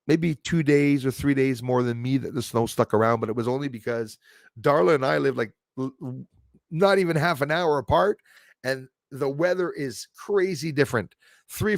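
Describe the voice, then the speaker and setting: With a creaky, medium-pitched voice, a man from Canada runs a casual livestream where he goes through viewer comments and thanks people by name. The audio is studio quality, with no room sound.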